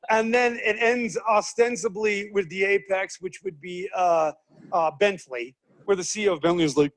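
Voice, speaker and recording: A man giving a lively seminar talk, questioning the audience and acting out quoted voices. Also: high-pitched, moderate pace. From United States. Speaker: speaker teaching leadership.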